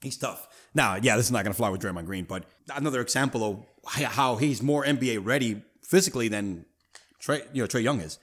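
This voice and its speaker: A man's voice: medium pitch, a little fast. A man hosting a casual sports talk podcast, emphatic and full of slang. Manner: animated, emphatic, street slang. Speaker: podcast host.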